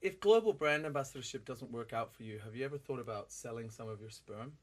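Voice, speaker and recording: A young man hosting a casual chat, asking joking questions with a dry, deadpan delivery. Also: mid-range voice, fast talker. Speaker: host.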